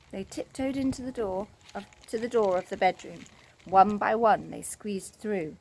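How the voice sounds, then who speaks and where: A woman reading a children's story aloud, expressive and animated. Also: mid-range voice, normal speed, creaky, slight background noise.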